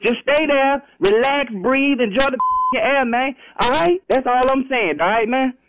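Very high-voiced angry man on a phone line. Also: a little slow, a bit bright, no echo. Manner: heated, threatening, profane, keeps saying man. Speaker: prank call target. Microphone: phone call.

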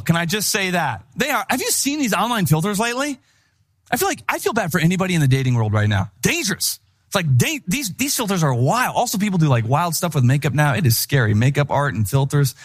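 A middle-aged male pastor preaching a sermon with animated storytelling, acting out voices in his anecdotes. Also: on the high side.

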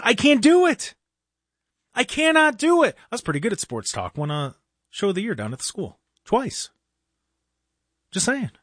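A man's voice: high voice, a bit bright, dry recording, studio quality. A young man ranting heatedly about his home team, exasperated and mocking, in sports commentary.

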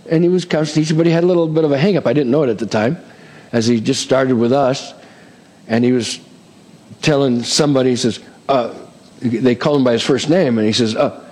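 A man's voice: mid-range voice, a little mellow, big-room sound, rough recording. A male pastor preaching a sermon in a conversational way, asking "amen?" and slipping in light humor.

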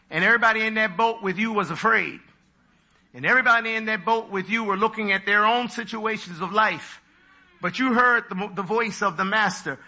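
A man preaching a sermon with dramatic delivery, acting out voices with big leaps in pitch. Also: pushed and bright.

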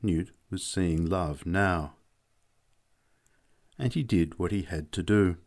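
A man narrating a story aloud in a measured storytelling manner. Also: low-pitched, darkish tone. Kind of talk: audiobook narration.

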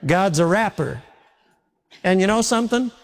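A pastor preaching a sermon in a fairly high voice, telling homespun stories with a touch of humor. His voice carries a long reverb, as if recorded in a large hall. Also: animated, moderate pace.

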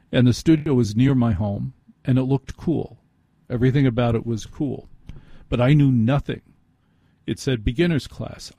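A man's voice: medium pitch, dark tone, breathy edge, no echo. A man hosting a late-night call-in radio show, telling a self-deprecating story into a studio microphone.

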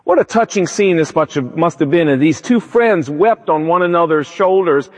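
A man's voice: a little high, lively intonation, moderate pace, few pauses. A man preaching a sermon, retelling a story with emphatic, preacherly storytelling. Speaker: pastor. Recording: dull lo-fi with long reverb, church sermon recording.

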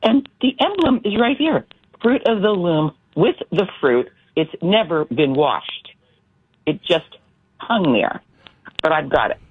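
A woman calling in to a radio show, telling a story in a chatty, animated way. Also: lowish voice, unhurried, slightly rough. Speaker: caller. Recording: phone line with faint noise.

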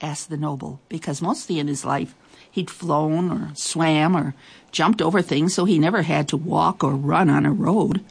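A woman reading a children's story aloud, expressive and deliberate. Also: low voice, gravelly, husky.

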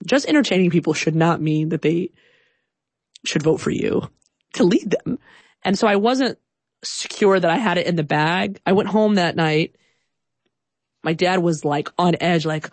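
A woman telling a personal story in an animated way, acting out other people's voices and using "like" a lot. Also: on the low side, normal speed, no room sound. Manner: animated, acts out voices, filler "like".

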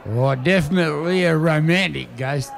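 A man's voice: a little high, normal speed, creaky. An actor playing Baz, an eager man who blurts wild theories and stubbornly defends them. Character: male Baz, gullible believer in ghosts and bunyips.

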